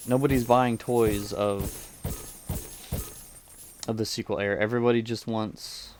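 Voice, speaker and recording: A man's voice: fairly low pitch, fairly even intonation, unhurried, long pauses. Rambling, hesitant young-sounding man chatting. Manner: rambling, hesitant, many restarts. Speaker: gaming video creator. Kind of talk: casual chat while playing.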